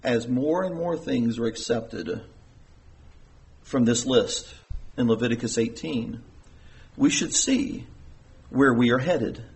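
A man's voice: medium pitch, slow pace, creaky, long pauses, darkish tone. A middle-aged pastor preaching an earnest sermon, with emphatic rises in his voice.

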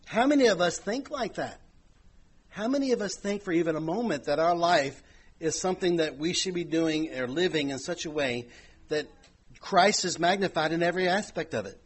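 A man delivers a sermon in an easygoing, conversational way. His voice is husky and sits a little high for a man. He talks to his congregation directly, pushing phrases louder and then letting them fall quiet. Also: normal speed. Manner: conversational preaching with many "you know" asides, swelling and dropping in volume. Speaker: preacher.

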